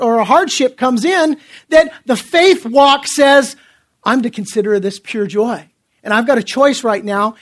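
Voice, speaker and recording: A middle-aged male pastor preaching in a conversational way, telling self-deprecating stories and often restarting his sentences. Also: very high-pitched. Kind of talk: sermon.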